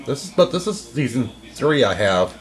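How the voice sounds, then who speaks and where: A man in casual chat as a co-host, talking in a rambling, halting way with frequent restarts. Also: mid-range voice, sing-song, faint music behind.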